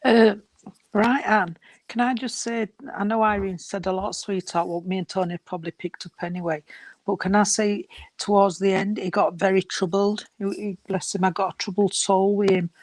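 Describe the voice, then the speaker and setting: A woman's voice: medium pitch, fairly even intonation, moderate pace, darkish tone, dry recording. Earnest woman medium. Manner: earnest, many restarts, calls the sitter sweetheart and darling. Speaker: spiritualist medium. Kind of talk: psychic reading, addressing a sitter.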